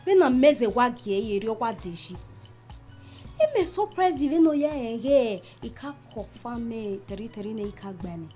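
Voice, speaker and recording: A woman's voice: fairly high pitch, lively intonation, moderate pace, dark tone, soft background music, lightly acted. A woman playing a greedy, giggly Nigerian girlfriend. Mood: gossiping. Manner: coaxing, giggly, mixes pidgin. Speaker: girlfriend asking for money.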